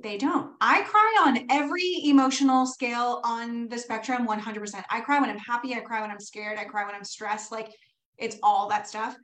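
A woman's voice: on the high side, moderate pace, fairly bright tone. Candid woman podcast host, echoey room. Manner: candid, swears freely, laughs often. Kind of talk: casual chat.

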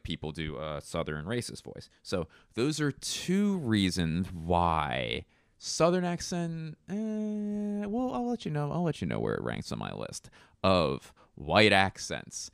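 A man's voice: sits low, wildly swooping pitch, unhurried, vocal fry, clear, resonant tone, dry recording, studio quality. A man hosting a casual solo podcast, rambling and joking with plenty of swearing. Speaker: podcast host.

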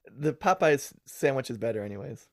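A man from the United States, a guest on a podcast, talking in a relaxed, reflective way and laughing easily. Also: medium pitch, moderate pace, dry recording, clean studio sound. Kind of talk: casual podcast chat.

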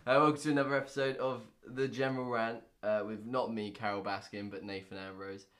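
A young man with a low voice co-hosts a relaxed podcast chat. He jokes, laughs a lot and trips over restarts as he talks. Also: a little fast. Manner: jokey, laughs often, trails off in restarts. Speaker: podcast co-host. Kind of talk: casual chat.

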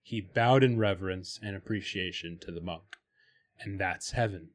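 With a deep voice at normal speed, a podcast host chats casually about spirituality at length, full of fillers and restarts, sometimes reading passages aloud.

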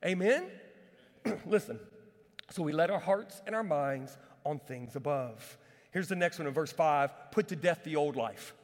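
Guy preaching in a big church, pretty high voice, lots of echo trailing off. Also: a little slow. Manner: energetic storytelling with repetitions and asides. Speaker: pastor. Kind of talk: sermon. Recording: long hall reverb.

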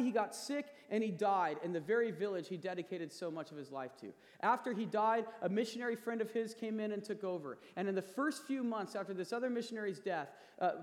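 A pastor in his thirties delivers his sermon in a high, earnest male voice, pressing his points until they land with emphasis. His words ring out with a long reverb that fills the large church hall. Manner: earnest, building to emphatic peaks.

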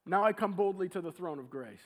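A man preaching a sermon, telling a story with animated, acted-out quotes. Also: high-pitched, a little fast.

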